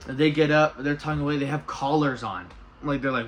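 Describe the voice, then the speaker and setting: A man's voice: a little high, steady tone, fast talker, a little hiss or hum, poor audio. A man casually recapping and reviewing a TV episode. He rambles, restarts a lot and acts out the characters' lines as he goes.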